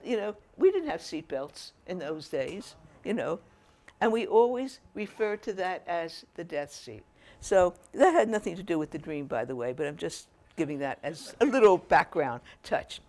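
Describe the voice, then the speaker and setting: Older female storyteller, animated, creaky voice. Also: lowish voice, moderate pace. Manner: chatty, animated, laughs while telling. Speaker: speaker telling stories to an audience. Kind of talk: storytelling talk.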